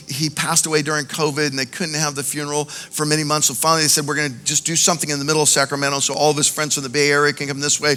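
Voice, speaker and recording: A male pastor preaching a sermon, animated, swinging between loud exhortation and quiet, intimate moments. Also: a little high. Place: large church auditorium. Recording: music faintly under a long hall reverb.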